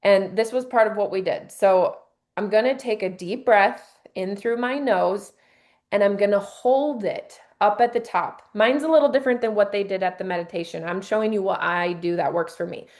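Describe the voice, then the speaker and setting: An upbeat woman leads a small workshop group, coaching them through slow breathing and talking about focus and leadership. Her voice sits at an ordinary middle pitch, and her delivery is friendly and encouraging. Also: darkish tone. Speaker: team leader running a workshop. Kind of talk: motivational workshop talk.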